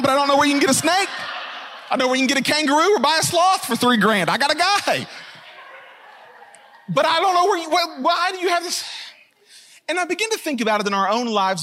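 A high-pitched man preaching with a lot of bounce in his voice. He tells a comic story as a sermon, breaking into shouts and then going soft and earnest. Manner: animated, joking, builds to shouting then drops to a hushed earnest tone. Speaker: pastor.

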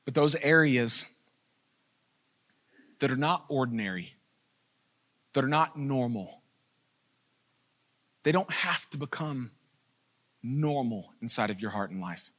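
A man preaching a sermon, telling a funny story with lively jokes, then turning quiet and earnest. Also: mid-range voice, slow pace, long pauses. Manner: animated, joking, builds to shouting then drops to a hushed earnest tone. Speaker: pastor.

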